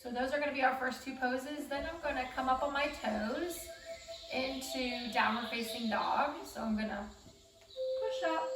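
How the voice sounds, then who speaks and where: A woman teacher gently leading a home yoga class with calm, encouraging instructions. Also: sits high. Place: home room. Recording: echoey room, mic at a distance, loud music behind. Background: quiet nature music.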